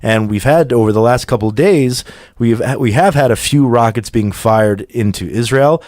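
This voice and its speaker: A man hosts a radio podcast from a studio, his mid-range voice close and dry on the mic. He talks in an easygoing, conversational way, often pausing to restart his sentences. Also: mid-range voice, a little mellow, no room sound. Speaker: podcast host. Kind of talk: radio talk show hosting.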